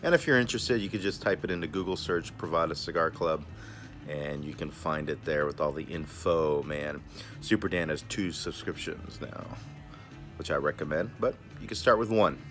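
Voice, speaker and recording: A man's voice: very deep voice, moderate pace, fairly bright tone, soft background music. A man reviewing a cigar in a casual vlog, laid-back and chatty, who often calls himself by his own nickname in the third person. He is recorded outdoors in a backyard.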